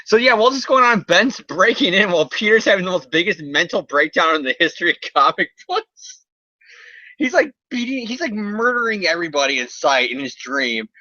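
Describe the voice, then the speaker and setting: A man's voice: high-pitched, sing-song, brisk, sharp tone, no room sound, dull audio. A man hosting a casual comedy podcast, recapping a comic in a rambling, sarcastic, profane way.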